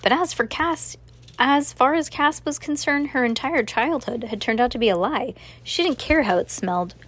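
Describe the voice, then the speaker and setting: A woman's voice: high-pitched, animated, normal speed, fairly bright tone, husky. A woman reading a children's novel aloud, with casual asides between passages. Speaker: reader.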